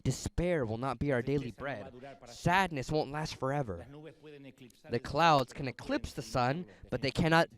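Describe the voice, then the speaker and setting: A middle-aged man of medium pitch preaches at an unhurried pace. He speaks straight to his audience, narrating his sermon in an animated, conversational way.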